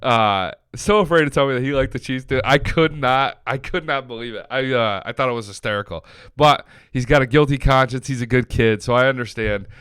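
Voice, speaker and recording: A man in his late twenties hosts a sports podcast, chatting loosely and swearing freely as he tells a story. His voice is smooth and clear at a middling pitch. It is recorded dry and close, with no room around it. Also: brisk, fairly bright tone, no room sound. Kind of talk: casual sports chat.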